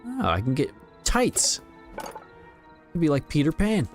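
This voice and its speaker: A man chatting casually on a game livestream, rambling and relaxed as he talks to his viewers while playing. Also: fairly high pitch, unhurried, faint music behind. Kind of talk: casual gaming livestream chat.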